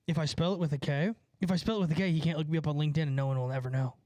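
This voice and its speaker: A man's voice: on the high side, rapid-fire, darkish tone, no room sound. A young man casually chatting on a live stream, laughing a lot and swearing as he mocks someone. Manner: laughing, mocking, profane.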